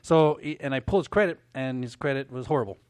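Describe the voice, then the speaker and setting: A man's voice: mid-range voice, quick pace, clear, resonant tone, no room sound, clean studio sound. A middle-aged man co-hosting a casual chat, telling a story earnestly and repeating words as he goes. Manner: earnest, repeats words, acts out callers in quotes. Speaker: podcast co-host, mortgage loan officer.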